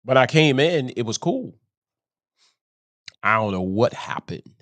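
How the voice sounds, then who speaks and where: A man speaking in a slow, unhurried way, rambling casually and chuckling at his own lines. His voice sits at a middling pitch. It was recorded close and dry, with no room echo. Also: very animated, a bit bright. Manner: slow, rambling, laughs at himself. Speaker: show host. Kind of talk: casual storytelling monologue.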